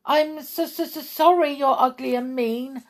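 A woman's voice: high voice, fairly even intonation, a little slow, voice pushed up. A woman voicing a cheeky young male rabbit who talks bluntly and stammers when nervous.

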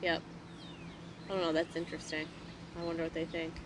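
A woman's voice: deep voice, completely flat delivery, brisk. A woman in her thirties chatting with her husband, teasing and rambling with lots of fillers. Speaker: vlogger, wife. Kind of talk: casual outdoor chat. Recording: noisy outdoor recording, traffic nearby.

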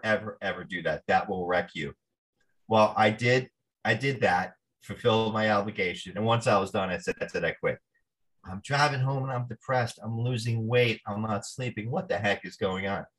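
Animated New man telling stories. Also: fairly low pitch, moderate pace. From New Jersey. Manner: animated storyteller, acts out quoted voices. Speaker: actor guest. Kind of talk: storytelling interview.

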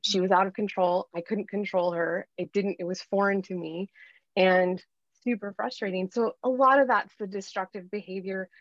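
Middle-aged woman podcast guest, earnest and animated, with a slightly muffled, dry recording. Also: medium pitch, moderate pace, no echo. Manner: earnest, animated storytelling with filler ums. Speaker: guest life coach. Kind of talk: podcast interview, candid personal story.

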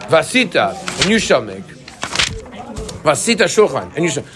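A man's voice: on the high side, normal speed, noisy background. A man teaching a Torah class who keeps asking his students questions. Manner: animated, asks the class questions.

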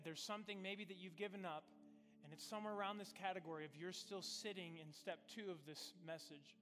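A man preaching a sermon as pastor, telling the story conversationally and swinging between loud bursts and quiet, hushed lines. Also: sits high, big-room sound.

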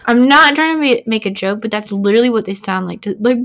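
A woman's voice: a little high, lively intonation, moderate pace, hardly any pauses. A woman in her thirties hosting a casual true-crime chat, talking loosely with lots of "like" and fillers. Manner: chatty, filler-heavy, "like" after every few words. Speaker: podcast host.

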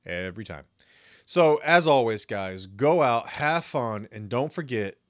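A man's voice: mid-range voice, animated, measured pace, dry recording, studio quality. A man hosting a casual podcast as a scoutmaster, upbeat and friendly, cracking dad jokes.

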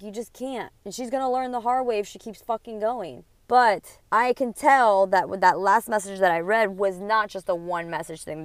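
A woman's voice: medium pitch, clear, resonant tone, no room sound. Heated, swearing woman telling a story. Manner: heated, profane, quotes people in dialogue. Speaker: podcast host. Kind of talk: casual storytelling monologue.

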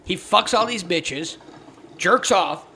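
Bright-voiced rowdy man hosting a podcast. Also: high voice, animated, slow pace, a little hiss or hum. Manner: rowdy, joking, talks over others. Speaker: podcast host. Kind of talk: crude casual banter.

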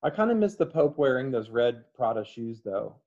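A man's voice: medium pitch, sing-song, normal speed, a little mellow, muffled recording. A man co-hosting a podcast, chatting casually and playfully, joking around. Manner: playful, jokey, slips into goofy impressions. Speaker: podcast co-host. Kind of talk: casual comedic chat.

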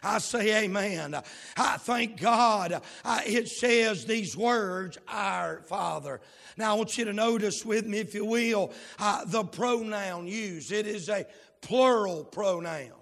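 A male pastor preaching a sermon in a church, drawling key words and breaking into whoops and shouted emphasis. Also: high voice, slow pace. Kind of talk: sermon with opening prayer. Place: church sanctuary. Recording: long hall reverb.

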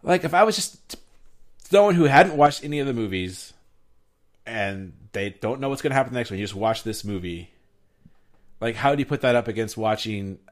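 A man's voice: medium pitch, expressive, normal speed. A man hosting a casual movie review chat, rambling with many fillers and restarts as he asks questions. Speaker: podcast host.

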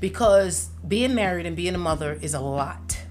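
A middle-aged woman, a guest mother on a podcast, telling family stories in a lively, laughing way. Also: fairly low pitch, moderate pace, faint music behind. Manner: lively storyteller who laughs as she talks. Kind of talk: casual podcast chat.

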